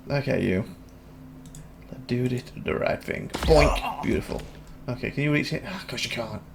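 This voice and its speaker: A man giving casual, excitable commentary while he plays a video game, often laughing and shouting at his wins and losses. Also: mid-range voice, normal speed, gravelly, background noise. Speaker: gaming YouTuber.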